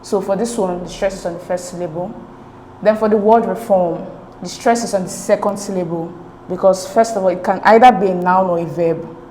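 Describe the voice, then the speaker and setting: A woman tutor with a fairly low voice talks through exam answers patiently, one step at a time. The room around her is echoey, and a faint hiss sits under her speech. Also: steady tone, fairly quick, dark tone. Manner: patient, step-by-step, checks with "okay?".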